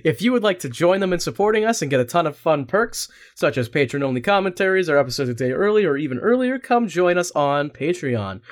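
A man's voice: fairly high pitch, big pitch swings, fast, few pauses. A man co-hosting a casual podcast, dry and teasing, laid-back. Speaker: podcast co-host.

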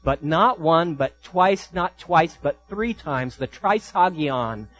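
A man preaching a sermon, often repeating and restarting words and building to loud emphatic peaks. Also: fairly high pitch, lively intonation, takes it slowly, few pauses. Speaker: pastor.

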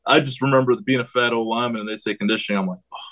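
A high school head football coach talking casually on a podcast, rambling and acting out what he yells at his players. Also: racing. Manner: rambling, animated storytelling with quoted yells.

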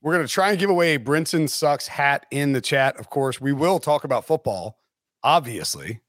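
A man hosting a casual sports podcast, talking in an animated, joking way with quick asides. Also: mid-range voice, no echo, clean studio sound. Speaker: podcast host.

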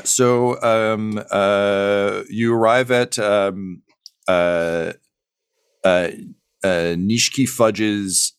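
Male game master, low register, dry, rambling hesitant narration. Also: clean tone, no room sound. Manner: rambling, full of ums and uhs.

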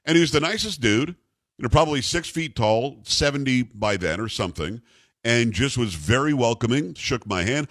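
Man, radio talk host, bass voice, lively rising and falling delivery, jokey storytelling, dry studio sound. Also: brisk, dry recording. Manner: animated, jokey, puts on voices for the people in his stories. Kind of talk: casual on-air storytelling. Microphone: studio microphone.

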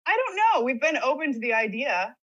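A woman's voice: sits high, fairly quick, highs cut off. Actress lady guest on a podcast, chatty, tells stories with a lot of life. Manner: chatty storyteller, lively retelling. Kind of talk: casual interview chat.

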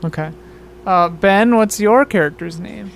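A relaxed player laughs often while sorting out characters for a tabletop game, voice at a middling pitch. A faint hum and hiss sit behind. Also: unhurried. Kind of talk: casual chat setting up a tabletop game.

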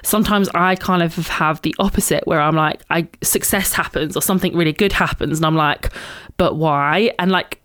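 A woman co-hosting a casual podcast, talking in a fairly low voice with plenty of "like" and "kind of." The sound is dry and close, with no room echo. She sounds reflective and conversational. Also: normal speed, fairly bright tone. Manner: chatty, reflective, with frequent fillers. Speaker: podcast co-host. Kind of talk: casual chat.

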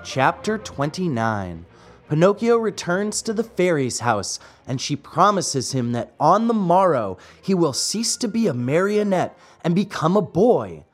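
A man hosting and narrating an audiobook of a classic fairy tale, reading in an expressive way. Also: fairly high pitch, a little slow, soft background music. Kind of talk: storybook narration.

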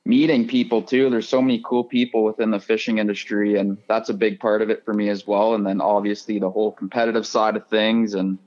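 A young man from Ontario, Canada, talks in a friendly, upbeat way as an interview guest. His voice sits low, and the audio is a little muffled. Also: little pitch movement, a little fast, few pauses, darkish tone. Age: young adult. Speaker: guest, tournament angler. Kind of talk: casual interview chat.

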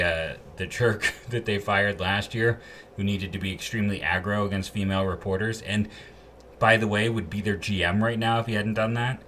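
Deep-voiced man hosting a sports podcast. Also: fairly bright tone, a little hiss or hum. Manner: rambling, candid, frequent fillers and restarts. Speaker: podcast host. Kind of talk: casual sports podcast monologue.

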